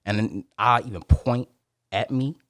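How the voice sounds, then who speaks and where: A man speaking as a podcast guest in a casual interview, emphatic and preaching, with big swings in pitch and loudness. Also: unhurried, no echo, clean studio sound.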